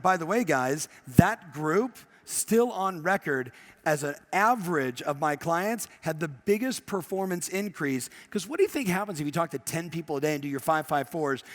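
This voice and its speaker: A middle-aged man coaching a live audience on stage, telling stories animatedly and acting out quoted voices. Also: on the high side. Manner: animated storyteller, acts out quotes. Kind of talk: motivational seminar talk. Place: event room with live audience.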